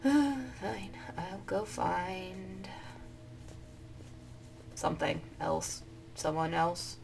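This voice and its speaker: Woman gamer, casual let's-play commentary, self-mocking, slight gravel in the voice, faint music behind. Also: mid-range voice, distant mic. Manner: offhand, self-mocking, laughs at herself. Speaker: gaming video creator.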